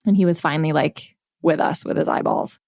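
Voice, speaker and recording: A woman with a slightly low voice tells a story on a podcast, frank and animated, and she swears casually. The sound is dry and close, with no room echo. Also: fairly quick, gravelly. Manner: candid, swears freely, animated retelling. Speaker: podcast co-host.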